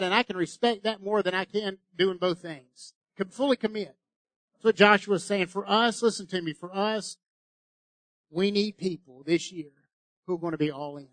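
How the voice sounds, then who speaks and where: High-voiced impassioned male preacher. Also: no echo, poor audio. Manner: impassioned, shifts from loud exhortation to hushed intimacy. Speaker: pastor. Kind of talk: sermon.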